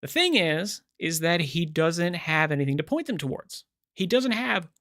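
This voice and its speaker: A man hosting a reaction video, casual and sarcastic, animated and exasperated as he comments. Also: a little high, fairly quick, no room sound, studio quality.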